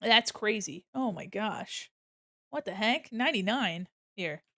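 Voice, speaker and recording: A woman's voice: mid-range voice, expressive, measured pace, a bit bright, dry recording, clean studio sound. A woman streaming while she draws, chatting casually with her viewers, playful and mock-offended, laughing often. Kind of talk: casual live-stream chat while drawing.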